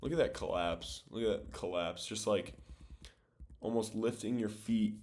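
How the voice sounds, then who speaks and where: A man's voice: fairly low pitch, measured pace, a little mellow. A young man casually breaking down volleyball game film, thinking aloud with lots of fillers as he goes. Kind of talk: casual video breakdown commentary.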